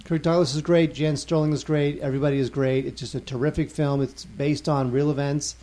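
A man with a warm, mellow voice co-hosts a casual film podcast. He talks in an easygoing way and likes to tease his partner. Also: fairly high pitch, little pitch movement, fairly quick. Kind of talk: casual chat about films.

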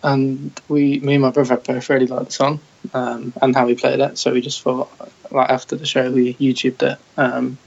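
Gravelly-voiced British man, hesitant and relaxed. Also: mid-range voice, normal speed, dull audio. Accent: standard British. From England. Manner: relaxed, hesitant, lots of ums and restarts. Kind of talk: casual podcast chat.

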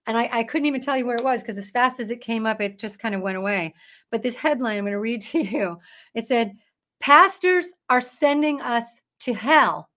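A woman hosting an online Bible study, preaching in a chatty, emphatic way into her phone. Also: on the high side. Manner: chatty and emphatic, breaks into laughs and mock voices. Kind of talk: casual preaching to camera.

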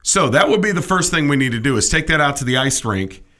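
A man's voice: medium pitch, lively intonation, fast talker, pushed and bright. A middle-aged man co-hosting a casual comedic chat, ranting with opinionated, mock-indignant energy. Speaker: podcast co-host.

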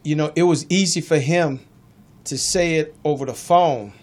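Man, talk radio co-host, loud heated arguing, somewhat high voice, AAVE speech. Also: moderate pace. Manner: storytelling, cuts in, acts out quotes. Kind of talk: heated casual debate.

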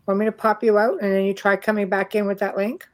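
A woman's voice: medium pitch, level tone, quick pace. A middle-aged Canadian woman hosting a casual chat over a video call, talking freely and laughing often. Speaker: host.

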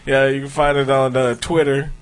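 A man's voice: mid-range voice, flat delivery, normal speed. A man hosting a casual podcast, laid back and laughing often, his ad reads full of fillers. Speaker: podcast host.

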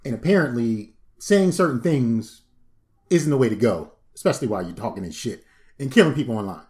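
A man co-hosting a podcast in casual chat, animated, profane and joking. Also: medium pitch, fairly quick. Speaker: podcast co-host.

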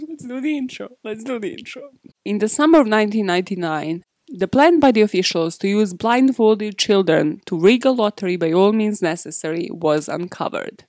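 A woman at a mid pitch hosts a comedic true-crime podcast, mixing the story with sarcastic asides and bursts of laughter. Her voice sits dry and close, with no room around it. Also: normal speed, dry recording. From Serbia. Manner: sarcastic, laughing often, swearing, animated asides. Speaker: podcast host.

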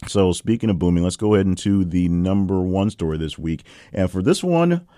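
Brisk and casual, the host of a weekly news show reads out headlines and quotes, adding wry asides as his pitch swings lively up and down. It's a clean studio recording without any room sound.

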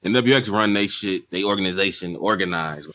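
A man's voice: deep voice, fairly quick, pushed and bright. A man co-hosting a casual chat, slangy and probing with questions. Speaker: podcast co-host.

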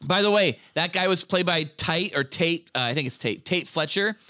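A man co-hosting a casual podcast, talking excitedly and swearing freely as he rattles off fan lore. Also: a little high, normal speed, no echo, studio quality. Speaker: podcast co-host.

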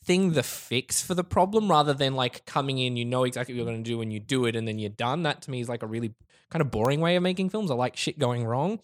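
A quick, lively Australian man chats about his own film shoots, laughing often and cursing freely as he tells the story. His pace never slows, and his pitch sits in an ordinary middle range. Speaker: podcast co-host. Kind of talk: casual chat, storytelling.

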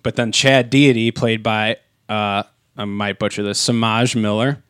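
A man's voice: lowish voice, fairly even intonation, unhurried, a bit bright, clear, resonant tone, no echo. A man co-hosting a podcast in casual chat, rambling with many fillers and restarts on a close mic. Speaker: podcast co-host.

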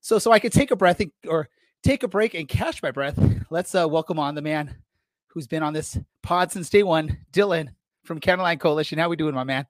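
An upbeat man hosts a casual podcast from home, slightly out of breath after rushing around. His voice sits fairly high and sounds dry and close to the mic. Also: no echo. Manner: upbeat, energetic, restarts often. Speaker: podcast host.

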